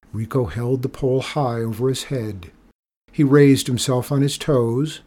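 A man reading a children's storybook aloud in a steady, measured way. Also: mid-range voice. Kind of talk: storybook read-aloud narration.

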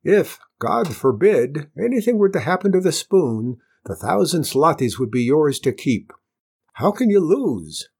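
A man voicing an excitable male villager who speaks loudly and eagerly, reading a storybook aloud. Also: fairly high pitch, unhurried, gravelly, slightly rough, pitched above the performer's own voice, full character voice.

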